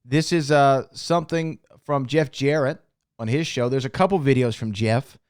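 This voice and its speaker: A man's voice: mid-range voice, normal speed, clear, resonant tone, no room sound, studio quality. A man co-hosting a podcast, upbeat and casual as he sets up clips for discussion. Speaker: podcast co-host. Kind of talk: casual chat.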